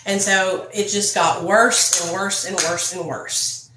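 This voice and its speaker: A woman's voice: medium pitch, steady tone, slow pace, reverberant, background noise. A woman telling her own story to viewers in a casual, blunt, profane vlog. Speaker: vlogger.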